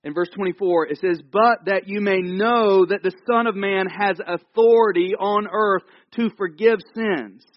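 High-voiced man preaching a chatty sermon. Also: measured pace, few pauses, dry recording, highs cut off. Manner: animated, jokey storytelling with asides. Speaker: pastor. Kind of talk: conversational sermon. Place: church.

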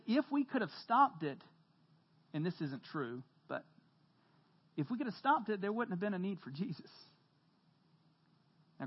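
A man preaching a sermon to a congregation as pastor, telling stories with humor and lively emphasis. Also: on the high side, slightly rough, highs cut off. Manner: animated storytelling, jokes with the congregation, shouts when quoting. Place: church hall.

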